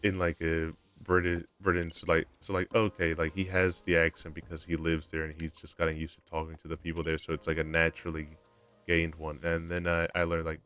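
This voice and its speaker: Young male streamer, low voice, loose rambling chat with faint game music behind. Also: flat delivery, a little fast, fairly bright tone. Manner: rambling, full of fillers and restarts. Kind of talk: casual live-stream chat while gaming.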